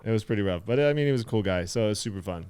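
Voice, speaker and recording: A man's voice: fairly low pitch, expressive, very fast, a little mellow, smooth. A young man co-hosting a podcast, chatting casually and telling rambling stories with casual swearing. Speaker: podcast co-host. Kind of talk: casual chat.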